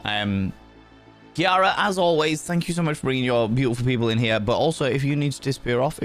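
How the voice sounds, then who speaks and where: A man hosting a livestream, chatting to viewers in a playful, effusive way, with sudden jumps in pitch and some swearing. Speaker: livestream host. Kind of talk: casual chat reading viewer messages. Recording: faint music behind.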